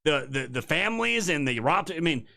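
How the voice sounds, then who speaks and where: Brief: male streamer-host, slightly high-pitched, heated profane rants, sarcastic, speaks to viewers as "you guys". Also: expressive, normal speed, creaky, bright, forceful tone. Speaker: political commentary show host. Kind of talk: live-streamed political rant.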